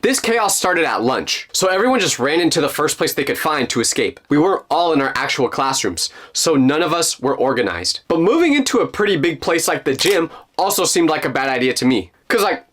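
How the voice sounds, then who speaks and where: A man's voice: on the high side, sing-song, a little fast, a bit bright. A young man narrating a personal story, building suspense and dropping joking asides.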